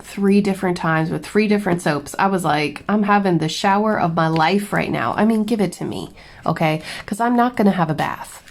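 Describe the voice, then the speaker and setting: A young woman hosting a crafting vlog, telling a story in a chatty, giggly way with lots of fillers. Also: lowish voice. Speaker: crafting channel host. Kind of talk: casual chat while diamond painting.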